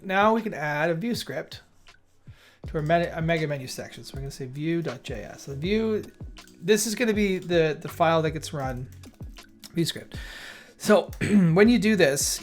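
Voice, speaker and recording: A man hosting a live coding stream, thinking aloud as he works, muttering to himself and tossing off jokey asides. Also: on the high side.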